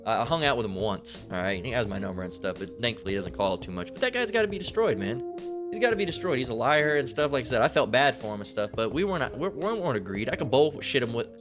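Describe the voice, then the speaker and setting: A man of middle pitch ranting in a loose, profane preaching style, circling back over the same points and stumbling through restarts. Music plays clearly behind his voice. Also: lively intonation, fast. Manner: rambling, repetitive, swears a lot. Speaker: religious commentator. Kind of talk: profane casual preaching rant.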